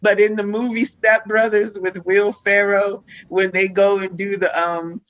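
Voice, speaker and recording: A woman's voice: medium pitch, flat delivery, a little slow. A woman hosting a podcast, ranting in casual chat with lots of swearing and frequent laughs. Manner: profane ranting, laughs often. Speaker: podcast host. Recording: dull lo-fi sound.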